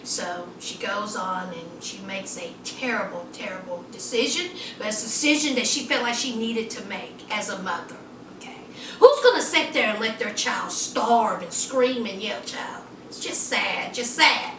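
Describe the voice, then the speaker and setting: A woman chatting through a lively, sassy recap of a TV episode, full of asides to the viewer. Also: medium pitch, normal speed, roomy sound, distant mic, background noise. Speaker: TV episode reviewer.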